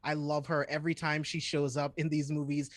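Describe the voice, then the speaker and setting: A man's voice: on the high side, flat delivery, a little fast, no echo. A man as a guest on a film podcast, talking enthusiastically and rambling a little. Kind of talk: casual podcast chat.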